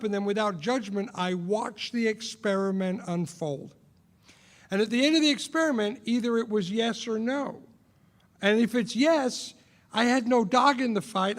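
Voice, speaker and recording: A man's voice: high voice, long reverb tail. A man sharing his recovery story as a sponsor, asking rhetorical questions, repeating himself for emphasis and poking fun at himself. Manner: rhetorical questions, self-mocking, emphatic repetition. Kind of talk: recovery talk, personal sharing.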